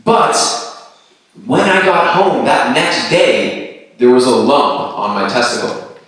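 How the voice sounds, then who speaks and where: A man's voice: medium pitch, slow pace. A man in his thirties from Canada doing a stand-up set, telling stories and acting out voices. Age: 30s. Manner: animated storytelling with quoted voices. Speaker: stand-up comedian. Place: comedy venue with live audience. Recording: roomy distant stage sound.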